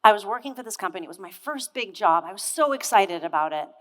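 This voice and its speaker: This keynote speaker, a woman in her thirties, talks at a quick pace with lively intonation and medium pitch as she gives a motivational speech on a conference hall stage. She energetically tells a story and questions the audience directly, all heard through an echoey hall with long reverb.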